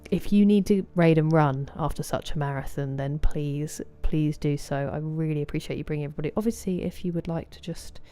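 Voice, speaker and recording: Mellow-voiced southeast English woman streamer. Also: sits low, a little fast, hardly any pauses, smooth. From southeast England. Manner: chatty and friendly, greeting viewers by name. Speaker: game streamer. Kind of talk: casual chat with live viewers while gaming.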